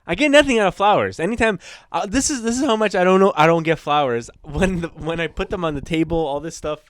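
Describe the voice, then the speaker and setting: A man's voice: a little high, fast talker, dry recording, clean studio sound. A man co-hosting a podcast, telling a rambling story in casual chat, swearing and acting out what people said. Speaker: podcast co-host.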